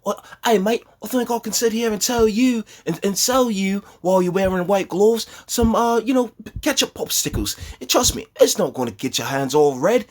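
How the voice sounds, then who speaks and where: A man voicing a slick, smooth-talking foreign salesman in a mocking, exaggerated sales pitch. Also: normal speed, hardly any pauses, darkish tone.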